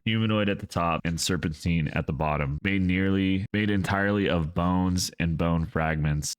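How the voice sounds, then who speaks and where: A man with a low, smooth voice narrates a fantasy audiobook at a brisk, even clip. The recording is dry and close, with no room sound around him. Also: dry recording. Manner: steady, brisk storytelling.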